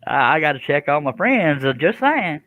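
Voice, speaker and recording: A man's voice: fairly high pitch, very animated, normal speed, no room sound, narrow, tinny audio. A man hosting a casual woodworking live stream from his workshop, joking about himself and reading viewer comments aloud. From Texas.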